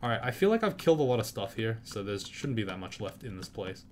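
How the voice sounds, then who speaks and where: In a lowish voice, very animated and quick, this gameplay commentator keeps up casual, profane let's-play chatter and flares into indignant outbursts at enemies. There's slight background noise, plus loud keyboard clicks on the mic.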